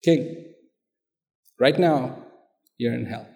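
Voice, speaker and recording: A calm old wise man, as a preacher puts him on, plain and matter-of-fact, talking slowly in his everyday register. A long reverb from a large hall trails each line. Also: medium pitch, gravelly.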